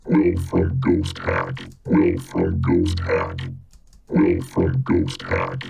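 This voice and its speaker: A monstrous synth bass that speaks in a buzzing, gravelly growl. It sits extremely low and crawls slowly through each word. Loud music surrounds it, and it sounds set back from the mic. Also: male voice, very animated, full character voice. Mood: droning. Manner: slow, droning, robotic. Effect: vocoder bass synth.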